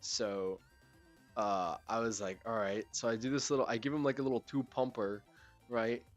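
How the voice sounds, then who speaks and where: A man's voice: mid-range voice, normal speed, highs cut off, soft background music. A young man hosting a casual podcast, talking in a rambling, laid-back way with lots of fillers. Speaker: podcast host. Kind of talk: casual chat.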